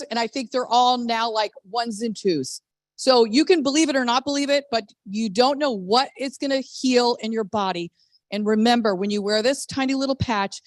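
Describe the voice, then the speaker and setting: Middle-aged woman, highish voice, excitable storyteller on a dry close video call mic. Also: no echo. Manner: animated, exclamatory storytelling with laughs. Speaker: network marketing presenter. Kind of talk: testimonial on a team video call.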